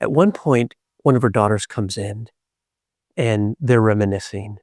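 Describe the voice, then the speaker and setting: A man hosting a podcast, telling reflective spiritual stories in an animated, playful way with many hesitations. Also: lowish voice, a little slow, no room sound, clean studio sound. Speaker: podcast host.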